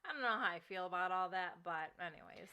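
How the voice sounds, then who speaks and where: Bright-voiced playful female podcast co-host. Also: on the low side, animated, fast talker, clear, resonant tone, muffled recording. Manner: laughing, playful, profane. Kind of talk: casual chat.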